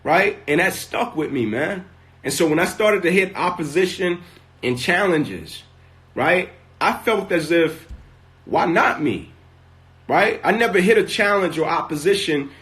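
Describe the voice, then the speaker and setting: A man's voice: fairly high pitch, expressive, unhurried, a bit bright. A man, a motivational speaker, telling a personal story on a live stream from his phone, tagging almost every sentence with "right?" and building in intensity as he goes.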